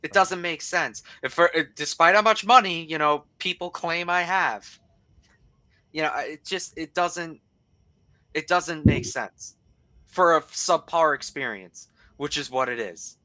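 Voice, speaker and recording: A man from Long Island calling into a show, chatting casually and ranting in halting, restarting phrases. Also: a little high, sharp tone, no echo. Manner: halting, restarts and repeated words while ranting. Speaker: caller. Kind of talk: casual chat.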